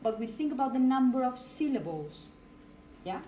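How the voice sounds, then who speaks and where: A woman's voice: sits high, expressive, moderate pace, warm tone. Woman, Spanish accent, native Spanish speaker, teacher, explanatory lecture, keeps asking "okay?", faint hiss. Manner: explanatory, frequent checking "okay?". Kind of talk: phonetics lecture.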